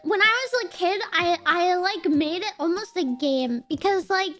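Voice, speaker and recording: Young woman, high bright voice, chatty and giggly on a stream, faint music behind. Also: moderate pace. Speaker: streamer guest. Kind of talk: casual chat on a stream.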